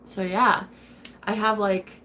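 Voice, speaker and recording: A woman in casual livestream chat, answering her viewers by name. Her talk is loose and blunt, full of swearing and bursts of laughter. Her voice sits at an ordinary middle pitch, with a faint hiss of noise behind it. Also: flat delivery, takes it slowly, sharp tone. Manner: chatty and blunt, swears freely and laughs often. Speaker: streamer reading viewer comments.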